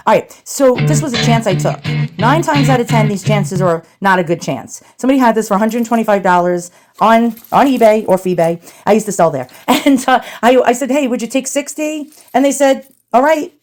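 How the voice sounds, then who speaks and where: A woman's voice: a little high, animated, brisk, a little mellow, soft background music. A middle-aged woman with a New York accent, chatting and rambling as she unboxes antiques for her vlog. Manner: chatty, rambling, thinking aloud. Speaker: antiques vlogger.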